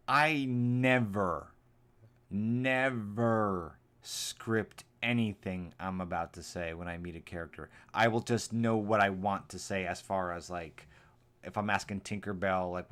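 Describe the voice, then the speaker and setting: A man's voice: low voice, a little slow, a bit bright. Rambling earnest man chatting live. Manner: rambling, earnest, thinks aloud. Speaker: vlogger reacting to his old videos. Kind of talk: live reaction chat.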